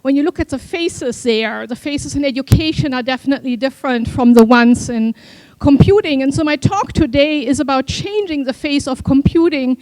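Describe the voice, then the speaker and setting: A woman's voice: sits high, normal speed, darkish tone, no room sound. A woman professor giving a short conference talk in a chatty way, with frequent fillers. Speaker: university professor. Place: conference hall stage.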